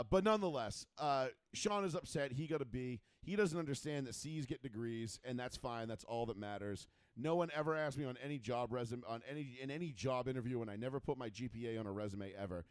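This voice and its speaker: A man's voice: mid-range voice, fast, clear, resonant tone, dry recording. A man hosting a casual talk show, bantering in a brash, joking, boastful way. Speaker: podcast host. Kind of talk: casual chat.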